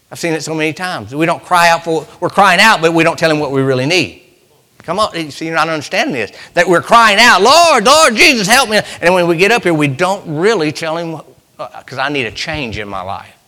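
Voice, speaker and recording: Man, preaching, high-ish bright voice, shouts then hushes. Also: big-room sound. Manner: preaching with sudden swings from loud cries to hushed near-whispers. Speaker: pastor. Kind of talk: sermon.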